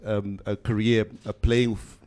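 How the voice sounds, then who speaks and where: A man hosting a radio chat, easygoing and quick to laugh as he asks questions. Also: on the low side, level tone, a little mellow. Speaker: radio host. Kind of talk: casual interview. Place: radio studio.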